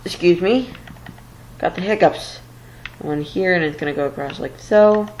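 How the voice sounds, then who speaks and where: Fairly low in pitch and a little mellow, a woman speaks at normal speed on a rough recording with slight background noise. Late at night and tired, she offers rambling, slightly flustered, self-deprecating let's-play commentary as she builds.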